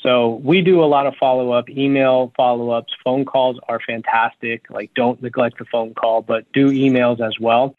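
A man who runs a law firm explains his methods as a guest in an interview. He sounds energetic and practical, and he repeats words as he works out his thoughts. His voice reaches you through a narrow, phone-like line with a completely dry sound. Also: medium pitch, normal speed, hardly any pauses, no room sound. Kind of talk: interview conversation.

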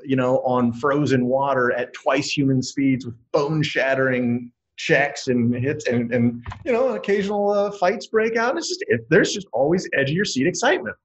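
A man's voice: medium pitch, normal speed, few pauses, lo-fi sound. Rambling, laughing male podcast co-host. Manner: animated, rambling, laughs often. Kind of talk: casual podcast banter.

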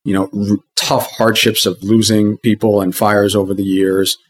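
Earnest male interview guest, low voice. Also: level tone, moderate pace. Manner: earnest, reflective, with frequent restarts. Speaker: guest, company executive. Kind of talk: conversational interview.

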